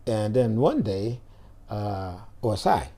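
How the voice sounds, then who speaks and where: An older man appears as a podcast guest, telling a story in a casual way. His voice sits on the low side and moves slowly, and he animates the tale by acting out the quoted dialogue.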